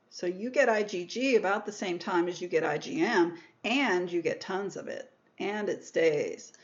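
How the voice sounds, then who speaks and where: A woman with a mid-range voice gives a recorded microbiology lecture, captured in a muffled recording. She explains step by step, repeating and rephrasing terms and correcting herself.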